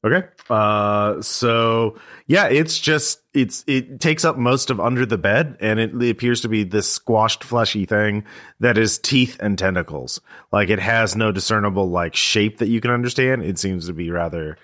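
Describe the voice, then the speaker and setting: A man narrating a tabletop horror game as game master, describing scenes haltingly with many fillers. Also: lowish voice, a bit bright.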